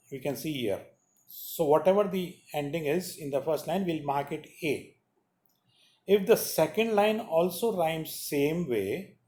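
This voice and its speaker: A man with an Indian English accent, teaching a class on poetry in a slow, explanatory way, repeating key terms. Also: a little high, darkish tone. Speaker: college teacher.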